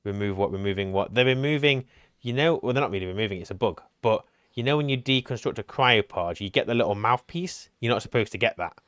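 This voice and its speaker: A man with a lowish, slightly bright voice talks quickly and animatedly, with no room sound in the studio-quality recording. As a gaming streamer in a co-op game, he keeps up casual chatter, thinking aloud and joking with his partner.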